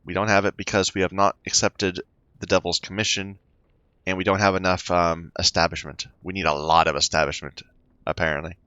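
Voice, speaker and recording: Let's-play gamer, man, lowish voice, reads game text and stumbles over odd words. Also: flat delivery, fairly quick, sharp tone, clear, resonant tone, dry recording, lo-fi sound. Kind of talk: reading game text aloud with commentary.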